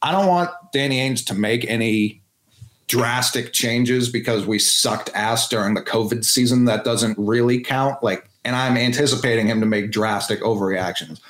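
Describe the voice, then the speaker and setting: A man's voice: medium pitch, moderate pace, fairly bright tone, echoey room. A man from the Boston area, a guest on a sports talk show, giving blunt, opinionated takes.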